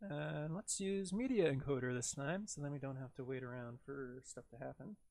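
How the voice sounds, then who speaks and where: A man's voice: mid-range voice, normal speed, gravelly, darkish tone, dry recording. Rambling Canadian guy chatting while he edits. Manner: rambling, lots of "like" fillers, talks to himself while working. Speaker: livestreaming video editor. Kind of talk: casual livestream chat.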